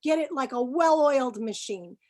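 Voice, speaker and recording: Her voice sits high; this middle-aged woman, a business guest on a webinar interview, speaks emphatically with plenty of animation and ready laughs.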